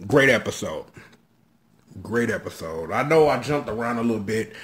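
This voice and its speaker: A man giving a casual, hyped-up episode review, joking and slangy, often leaping into high shouts. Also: lively intonation, normal speed. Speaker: show recap vlogger.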